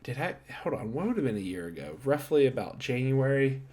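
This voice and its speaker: A man talks through a wrestling episode recap in an easygoing, off-the-cuff way. He wanders into side thoughts and corrects himself, then hands out star ratings. His voice sits at an ordinary middle pitch. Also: big pitch swings, a little fast, a little mellow. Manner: rambling, self-correcting, jokey asides. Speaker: wrestling show reviewer. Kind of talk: casual recap commentary.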